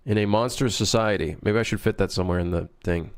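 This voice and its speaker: A man developing a game on a live stream, chatting casually, joking and swearing as he thinks out loud. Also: fairly low pitch, quick pace. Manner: rambling, jokey, swears freely, thinks out loud.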